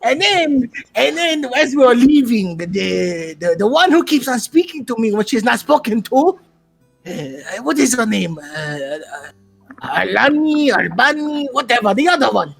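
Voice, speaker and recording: A tabletop player voicing a boastful, eccentric masked male showman who recaps the last session in character, with theatrical shouted outbursts. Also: mid-range voice, sing-song, unhurried, vocal fry, faint music behind.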